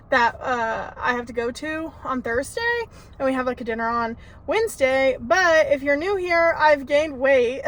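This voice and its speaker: A woman's voice: high voice, a bit bright. A young woman vlogging casually from her car and errands, talking candidly with lots of fillers into a handheld phone camera. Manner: chatty, candid, with frequent fillers and laughs. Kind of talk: casual vlog chat. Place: car and errands on a lunch break.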